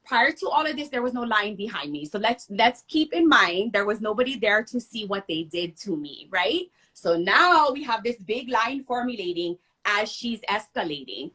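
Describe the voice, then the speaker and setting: A woman from Hawaii, a guest telling a personal story in an animated, emphatic conversational way. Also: medium pitch, normal speed, hardly any pauses. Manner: emphatic, acts out others' lines in the story.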